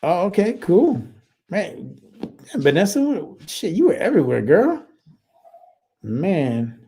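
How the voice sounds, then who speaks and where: A man in his forties, an Army veteran hosting a casual livestream, reads and responds to viewer comments, swearing freely and rambling with many fillers and restarts. His voice sits high and swoops wildly in pitch, unhurried, creaky, dark, and slightly rough.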